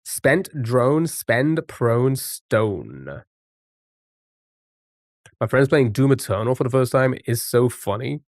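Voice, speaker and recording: A man's voice: mid-range voice, moderate pace, hardly any pauses, a little mellow, no room sound, clean studio sound. A man streaming live, chatting casually with viewers and thinking aloud while guessing words. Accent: non-American English.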